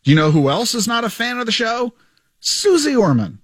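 Male radio host, high pitch, dry close studio sound, joking storyteller. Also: big pitch swings, brisk, no echo. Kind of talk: radio show retrospective monologue. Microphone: studio microphone.

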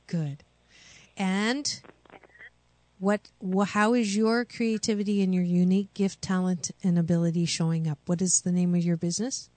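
A woman hosting a radio call-in show, coaching callers with slow, soothing affirmations. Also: on the low side, fairly even intonation, warm tone, no room sound. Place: radio studio.

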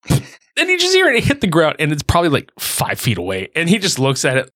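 A man's voice: on the high side, wildly swooping pitch, moderate pace, bright, forceful tone, no echo, studio quality. A man hosting a podcast, telling a story in casual, profane chat. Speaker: podcast host.

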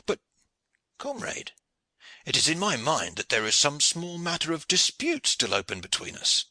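Male reader as a boisterous veteran archer; bright, lively delivery. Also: fairly high pitch, normal speed, dry recording, voice pushed up, heavily acted. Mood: hearty. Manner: boisterous, sprinkled with French oaths. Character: veteran male English archer, hearty and blunt.

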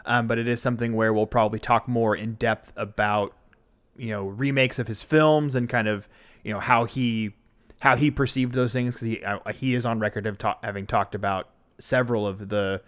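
Lowish voiced guy, podcast cohost, explains stuff, lots of you knows. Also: steady tone, moderate pace, a bit bright, clear, resonant tone. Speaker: podcast co-host. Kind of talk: casual film discussion.

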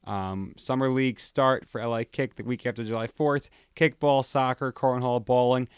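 A man's voice: mid-range voice, steady tone, moderate pace, clean tone, no echo, clean studio sound. A man telling stories as a guest on a casual podcast chat. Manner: chatty storyteller with restarts.

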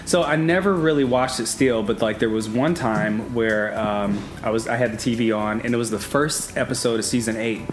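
A man's voice: mid-range voice, moderate pace, hardly any pauses. Candid, profane man in casual chat. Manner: candid, profane, laughs often. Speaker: podcast guest, former reality show contestant.

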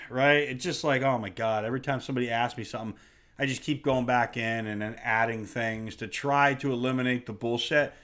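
A man's voice: medium pitch, fairly quick, bright, forceful tone. Man, middle-aged, podcast host, exasperated, blunt, heavy swearing, casual rant.

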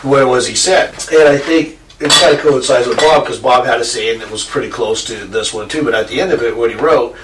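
A man's voice: mid-range voice, brisk, hardly any pauses, fairly bright tone. A man rambling through a long, joking story, laughing and swearing as he goes. He is heard from afar in an echoey room with a faint hiss. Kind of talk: casual storytelling. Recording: echoey room, distant mic, faint noise.

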